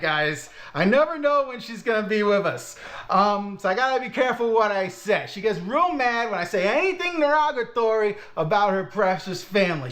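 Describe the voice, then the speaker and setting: A man's voice: sits high, big pitch swings, normal speed, fairly bright tone. A middle-aged man with a Brooklyn Italian-American accent, chatting bluntly and casually to his channel's viewers, joking about himself and swearing now and then. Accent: Brooklyn Italian-American New York. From Brooklyn, New York. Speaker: channel host. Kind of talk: casual live-stream chat.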